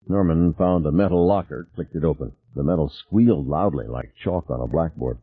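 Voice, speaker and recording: Deep husky male audiobook narrator. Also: normal speed, few pauses, dry recording. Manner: varied, expressive reading. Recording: tinny phone-like dry sound.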